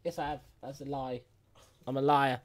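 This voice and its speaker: A man's voice: medium pitch, flat delivery, moderate pace. Casual male streamer at home, rambling and jokey, hums between remarks. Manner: jokey and rambling, humming filler sounds. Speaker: YouTuber hosting a live stream. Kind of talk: casual live-stream chat.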